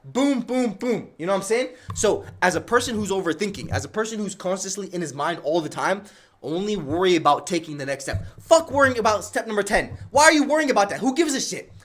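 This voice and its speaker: A young man livestreaming, giving casual slang-heavy advice to his chat and telling stories. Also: high-pitched. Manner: slangy, animated, storytelling with asides.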